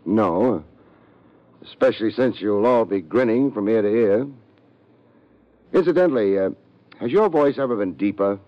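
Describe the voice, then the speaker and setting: A man playing a wry, low-voiced private eye. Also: lively intonation, normal speed, pauses often, no echo, lightly acted. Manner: wry, dry wisecracks. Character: wry male private detective, hard-boiled. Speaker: narrator and detective. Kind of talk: 1950s radio drama acting. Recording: dull lo-fi old radio recording.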